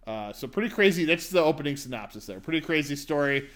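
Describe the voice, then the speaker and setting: A man's voice: fairly high pitch, expressive, fast talker, a bit bright. A man hosting a podcast, casually reviewing movies with frequent "uh" and "um" hesitations. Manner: hesitant, many "uh" and "um" fillers. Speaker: podcast host.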